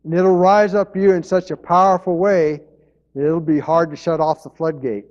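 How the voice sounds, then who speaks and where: A man's voice: fairly high pitch, fairly even intonation, normal speed, darkish tone, dull audio. A man preaching a sermon as pastor, in an earnest manner, repeating his key phrases.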